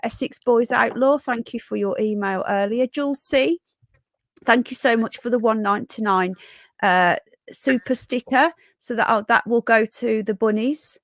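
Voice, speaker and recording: A woman's voice: a little high, normal speed, dry recording. A woman hosting a casual live stream, chatty and affectionate as she greets viewers one by one.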